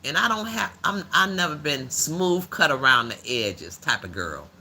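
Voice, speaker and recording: A man voicing a blunt, rough-edged older woman who hosts a livestream and gives preachy commentary in a drawling, slang-filled way. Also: a little high, sing-song, a little slow, pushed and bright, slight background noise, full character voice. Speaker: livestream host.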